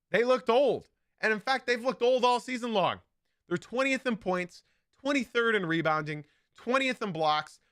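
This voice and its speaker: A man's voice: on the high side, pushed and bright, no echo, studio quality. A man hosting a live basketball podcast, talking emphatically and repeating his key points. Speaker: podcast host.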